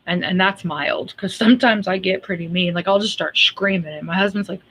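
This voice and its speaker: A woman's voice: lowish voice, a little fast, a bit bright, slight background noise. A woman hosting a casual livestream, talking bluntly and ranting in an exasperated way, with frequent laughs. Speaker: livestream host.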